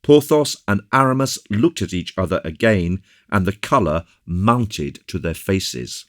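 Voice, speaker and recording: A man narrating a classic adventure novel in an expressive, animated way. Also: low-pitched, a little slow, dry recording, clean studio sound. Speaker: audiobook narrator. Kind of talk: scripted narration.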